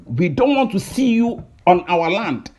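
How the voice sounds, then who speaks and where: A man's voice: high-pitched, very animated, measured pace, a little mellow. A man from Ghana with a Ghanaian English accent, ranting angrily in a video, accusing and repeating himself with many hesitations. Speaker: online commentator. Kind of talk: angry video rant.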